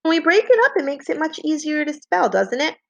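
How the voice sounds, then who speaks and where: A woman teaching a phonics lesson to young children, slowly and patiently dictating and spelling out words. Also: high-pitched, sing-song, no room sound, dull audio. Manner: slow, clear, patient dictation with repeated words.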